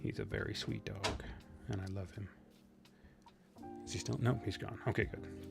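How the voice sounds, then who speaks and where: A man's voice: low voice, very animated, normal speed, gravelly. A chatty, easily sidetracked man hosts a laid-back livestream while painting miniature models. He jokes around, chats to viewers, and keeps drifting off topic. Faint music plays under his voice. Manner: chatty, joking, easily distracted. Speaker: podcast host.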